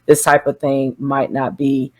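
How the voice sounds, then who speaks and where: A woman co-hosting a relationship podcast in casual chat, thinking out loud with quick asides and short affirming replies. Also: extremely low pitch, flat delivery. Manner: reflective, quick asides, lots of affirming "mm-hmm". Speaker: podcast co-host.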